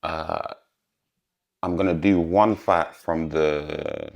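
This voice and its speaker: Very deep, gravelly-voiced man. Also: fairly even intonation, extremely slow. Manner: loose, rambling, hesitant with frequent ums. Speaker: MMA predictions YouTuber. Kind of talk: casual fight predictions.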